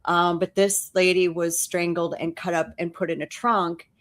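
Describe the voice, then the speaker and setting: A woman's voice: fairly low pitch, little pitch movement, normal speed. A woman from New Orleans co-hosting a talk show, recounting stories in a matter-of-fact way. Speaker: co-host. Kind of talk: casual interview chat.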